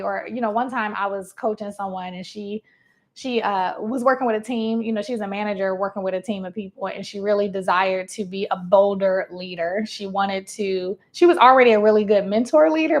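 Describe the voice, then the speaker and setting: A woman in her thirties, a life coach, speaking casually to her viewers. She acts out what her clients say and laughs often. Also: medium pitch. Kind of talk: casual motivational talk to camera.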